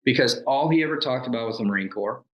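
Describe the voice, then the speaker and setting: Fast-talking with a mid-range voice, a former Navy SEAL in his forties walks through his life story in an interview. Captured on a reverberant, low-quality recording, he animatedly acts out quoted lines and laughs at his own expense.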